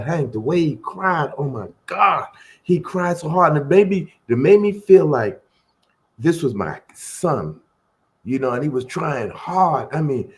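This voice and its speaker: A man co-hosting, telling a personal story in an earnest, slow and heartfelt way. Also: a little high.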